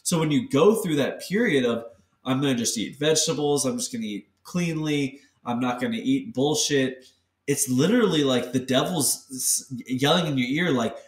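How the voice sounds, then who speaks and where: A man co-hosting a podcast who talks candidly and swears freely. He acts out the voices in his head with lively energy. His voice sits a little back from the mic and carries a roomy echo. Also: medium pitch, normal speed, recorded from a distance. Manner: candid, profane, animated storytelling. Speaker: podcast co-host. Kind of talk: casual chat.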